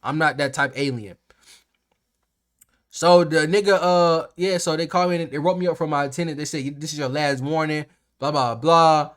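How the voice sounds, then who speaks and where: A young man casually telling a workplace story to camera, animated and slangy, acting out the people in it. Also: fairly high pitch, normal speed. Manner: animated, slangy and profane, acts out quotes.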